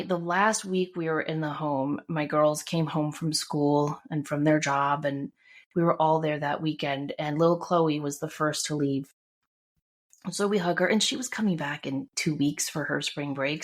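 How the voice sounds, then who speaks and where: A middle-aged woman co-hosting a casual chat, telling a personal story with emotion and acting out what others said. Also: low voice. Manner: warm storytelling, emotional, acts out quotes. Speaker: podcast co-host.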